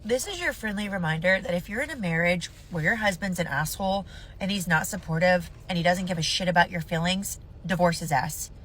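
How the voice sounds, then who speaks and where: A woman's voice: on the low side, brisk, music in the background. A woman in her thirties telling a painful personal story to camera, blunt, profane and impassioned.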